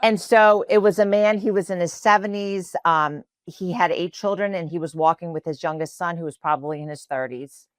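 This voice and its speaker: Podcast guest, woman, Spanish first language, from New Orleans, low voice, heartfelt rambling storyteller. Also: normal speed, hardly any pauses, no room sound, clean studio sound. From New Orleans, USA. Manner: earnest, emotional, many fillers. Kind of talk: personal faith storytelling.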